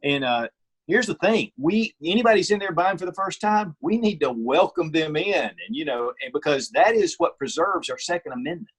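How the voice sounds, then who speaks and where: A middle-aged man, a guest on an interview, talking in an opinionated, storytelling way with a husky voice. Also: a little high, big pitch swings, normal speed. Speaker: guest, firearms reviewer. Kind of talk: casual interview chat.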